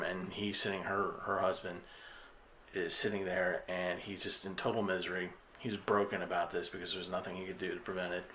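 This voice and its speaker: A man's voice: on the low side, sharp tone, slight background noise. A man casually retelling a film's plot on a podcast, loose and rambling with fillers and restarts. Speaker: podcast host reviewing an anime film. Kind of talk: casual spoken review.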